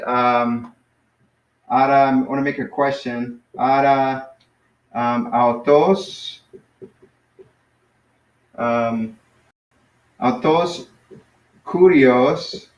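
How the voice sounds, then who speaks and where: A man teaching a Greek class in a relaxed, hesitant way, with many fillers. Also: medium pitch, slow, pauses often, roomy sound, rough recording.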